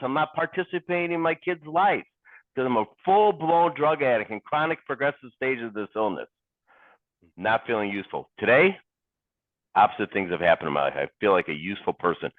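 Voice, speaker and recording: A man sharing at a recovery meeting in an earnest, deliberate way, putting questions straight to his listeners. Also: on the high side, no room sound. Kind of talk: personal recovery share. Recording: tinny phone-like dry sound.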